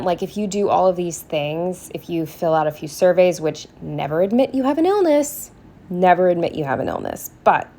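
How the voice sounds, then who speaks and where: A woman vlogging while she plans, telling a story in a chatty way, swearing freely and going off on quick asides. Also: on the low side, darkish tone. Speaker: planner vlogger. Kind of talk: casual plan-with-me storytelling.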